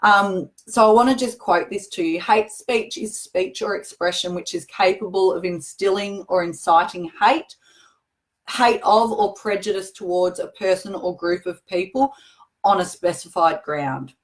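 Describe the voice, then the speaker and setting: A woman's voice: mid-range voice, unhurried. A middle-aged woman hosting a show, talking earnestly and conversationally to camera, with emphatic repetition. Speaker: host answering viewer questions. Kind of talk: casual direct-to-camera talk.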